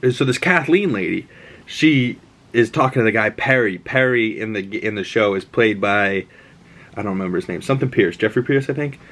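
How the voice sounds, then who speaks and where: A man's voice: on the low side, lively intonation, moderate pace, fairly bright tone. A man in his twenties gives a rambling, profane, enthusiastic recap of a show, full of fillers. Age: 20s.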